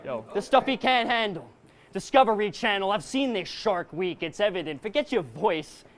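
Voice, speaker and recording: A man's voice: high voice, big pitch swings, moderate pace, fairly bright tone. A man performing a live battle rap verse, aggressive and taunting, firing punchlines at his opponent. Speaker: battle rapper. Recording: live crowd noise around. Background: crowd.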